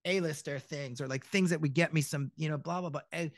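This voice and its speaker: A man's voice: fairly high pitch, brisk, dry recording, studio quality. A middle-aged voice actor chatting as a podcast guest. He tells his stories with energy, acts out the quotes, and swears freely. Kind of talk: casual podcast chat.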